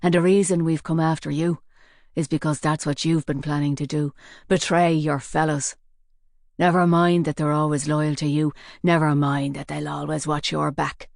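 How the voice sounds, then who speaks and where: A woman voicing a menacing male gunman with a hoarse, gravelly voice. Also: sits low, level tone, moderate pace, a little mellow, no room sound, studio quality.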